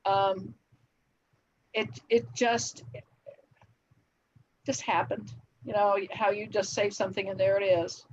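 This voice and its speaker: An older woman speaks as a guest on a live stream, reminiscing with easy laughs and plenty of ums. Her voice is a little husky. The audio is dull and lo-fi, like a home computer mic. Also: medium pitch, steady tone, takes it slowly, long pauses. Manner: reminiscing, frequent laughs and fillers. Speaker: guest TV writer. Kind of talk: relaxed anecdotal interview answers.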